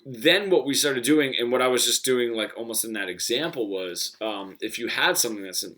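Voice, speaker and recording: A man's voice: mid-range voice, a little fast, sharp tone. A man teaching guitar in a casual Q&A, explaining loosely and thinking aloud.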